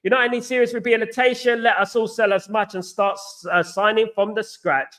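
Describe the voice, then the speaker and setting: A man's voice: high voice, fairly even intonation, fairly quick, fairly bright tone. A man hosting a casual live chat, reading out viewer comments and answering emphatically, often repeating himself. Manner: emphatic, repeats "absolutely" and "you know what".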